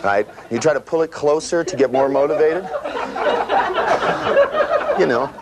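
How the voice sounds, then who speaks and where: A man giving a live seminar lecture, animated and profane, acting out voices and sound effects as he teaches. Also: on the high side, measured pace, a loud crowd. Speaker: seminar trainer. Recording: noisy live seminar recording.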